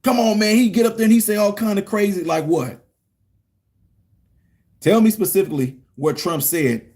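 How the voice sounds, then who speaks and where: Animated middle-aged man preaching to his chat. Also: high-pitched, normal speed. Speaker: political commentary streamer. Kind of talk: live-chat political commentary.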